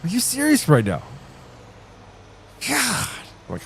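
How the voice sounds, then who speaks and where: With a very high voice and a slightly slow pace, a middle-aged man streams a video game and comments casually and live. There's a little hiss or hum in the recording, and his talk is profane, rambling and animatedly story-driven.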